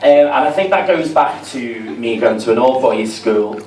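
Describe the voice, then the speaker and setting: A man's voice: mid-range voice, animated, moderate pace, darkish tone. Camp Liverpool man doing stand-up. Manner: camp, chatty, self-mocking. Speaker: stand-up comedian. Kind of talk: stand-up set. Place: comedy club stage. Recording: roomy, distant, with crowd noise.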